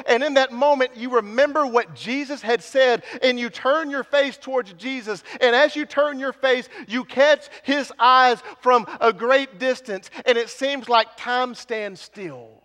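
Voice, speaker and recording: A man's voice: extremely high pitch, unhurried, a bit bright. A man preaching a sermon, building with repeated phrases and dropping to near whispers. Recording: long hall reverb.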